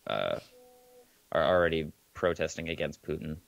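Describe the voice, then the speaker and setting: A man co-hosting a podcast with dry, deadpan, sarcastic remarks in a casual chat. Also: rumbling low, normal speed, vocal fry, dull audio. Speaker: podcast co-host.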